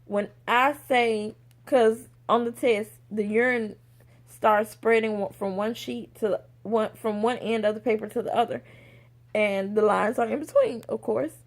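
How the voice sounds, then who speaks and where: A young woman vlogger telling a personal story in a casual, animated way, acting out the voices of others. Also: on the high side, measured pace. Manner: animated, acts out quoted voices.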